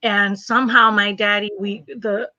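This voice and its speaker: Woman host, bright voice, dry lo-fi sound, animated, laughs a lot. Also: mid-range voice, a little slow, no room sound. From refugee from a communist country, raised in the US. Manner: animated storytelling, laughs often, searches for words. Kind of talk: casual live chat.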